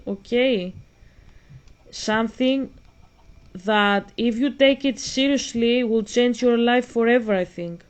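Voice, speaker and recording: Slow insistent woman vlogger. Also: on the high side. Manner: slow, insistent, repeats herself while explaining. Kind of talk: spoken commentary on a video.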